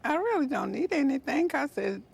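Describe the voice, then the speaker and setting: A woman's voice: high voice, big pitch swings, fairly quick, vocal fry. A woman in her eighties, a guest on a chat show, talking in a folksy, laughing way. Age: 80s. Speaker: guest, mother. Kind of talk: casual chat.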